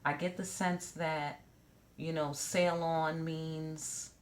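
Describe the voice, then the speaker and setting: A woman gives a casual tarot reading to camera in a low, flat voice, taking her time. She's blunt and profane, tossing in joking asides and repeatedly checking in with "okay?".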